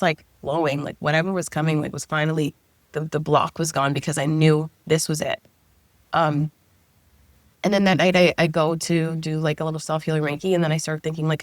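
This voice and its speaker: With a low voice and no echo in the recording, a middle-aged female guest chats casually through a personal story. She says "like" a lot and speaks her own past thoughts aloud.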